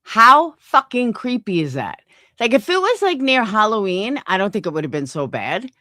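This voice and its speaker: A woman's voice: mid-range voice, big pitch swings, moderate pace, bright, forceful tone, dry recording, studio quality. A middle-aged woman hosting a livestream, telling a story in casual chat and swearing a lot. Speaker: livestream host.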